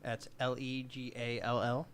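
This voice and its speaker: A man's voice: medium pitch, little pitch movement, unhurried. Male player, laid-back casual intro, faint hiss behind. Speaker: tabletop player.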